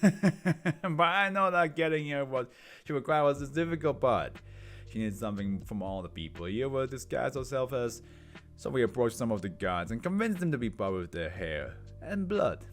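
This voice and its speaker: A man's voice: mid-range voice, lively intonation, normal speed, faint music behind, lightly acted. A man voicing a cheery, sly male mobster with an Italian accent, polite and evasive. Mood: chipper.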